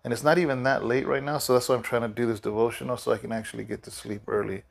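A man's voice: medium pitch, level tone, racing, vocal fry. A middle-aged man, a pastor, giving a casual devotional talk in a loose, rambling way with many fillers and restarts, sleepy and yawning.

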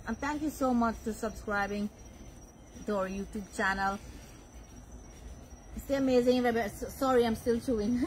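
A woman's voice: fairly high pitch, animated, normal speed, a little hiss or hum, poor audio. A woman with a Guyanese accent hosting a casual backyard food vlog, chatty and affectionate, often laughing and talking while she eats. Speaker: vlog host. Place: backyard outdoors at night.

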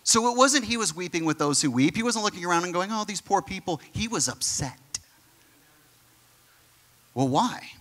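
Male pastor, high bright voice, lively conversational sermon delivery. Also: normal speed, long pauses. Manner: animated, conversational preaching with acted-out quotes.

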